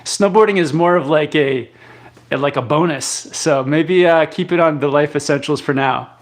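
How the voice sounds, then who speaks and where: A man's voice: fairly high pitch, normal speed. Casual young man chatting on a live stream. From Canada. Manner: relaxed, rambling, many fillers and restarts. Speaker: live chat host. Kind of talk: casual live stream chat reading viewer comments.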